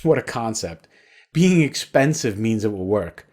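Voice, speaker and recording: Guy reading a sales webinar script, lively up and down voice, pushy storytelling. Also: fairly low pitch, a little slow. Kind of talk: scripted sales pitch narration.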